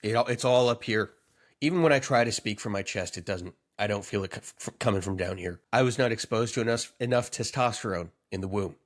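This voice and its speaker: A man's voice: fairly low pitch, a little fast. A man co-hosting a casual comedy podcast, talking through his nose with a stuffy head cold and riffing playfully on wordplay. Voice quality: nasal. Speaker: podcast co-host.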